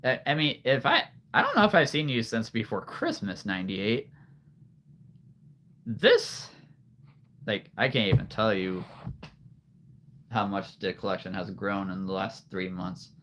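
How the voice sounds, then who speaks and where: A man's voice: fairly low pitch, very animated, moderate pace, fairly bright tone, slight background noise. A man from Nebraska, a livestream host chatting casually with viewers, laughing often. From Nebraska, USA. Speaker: livestream host showing a creature collection.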